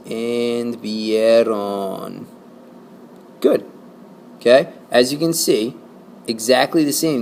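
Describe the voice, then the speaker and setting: Guy teacher explaining grammar real slow, keeps checking "okay?", faint hiss in the background. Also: medium pitch, darkish tone. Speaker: Spanish teacher. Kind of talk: recorded classroom lesson.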